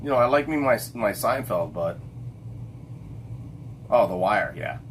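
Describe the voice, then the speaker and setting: A man's voice: fairly low pitch, lively intonation, measured pace, a little hiss or hum. A middle-aged man hosting a casual late-night livestream chat, rambling and stopping to hunt for names with lots of fillers and restarts. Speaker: livestream host.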